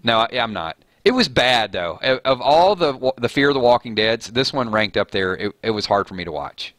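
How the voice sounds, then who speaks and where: Bright, chatty Southern man. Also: medium pitch, very animated, moderate pace, no room sound. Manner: chatty, reads viewer comments aloud, joking and self-mocking. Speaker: live chat host. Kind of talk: casual live-stream chat.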